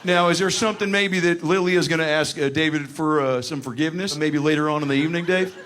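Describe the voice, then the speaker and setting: A quick-paced man with a fairly high pitch teases people in the audience with profane, brash humor during stand-up crowd work. The recording comes from a comedy venue, with the live crowd laughing and making noise.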